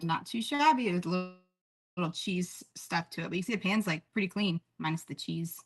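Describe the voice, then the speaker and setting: A woman streamer chatting casually while cooking at home, coaxing her dog in a high sing-song voice and reading chat aloud. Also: a little fast, faint music behind. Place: home kitchen.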